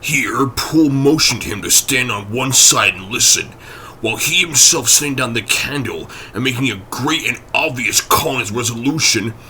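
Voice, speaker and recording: A man narrating an audiobook in a dramatic, expressive reading. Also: mid-range voice, slight background noise, rough recording.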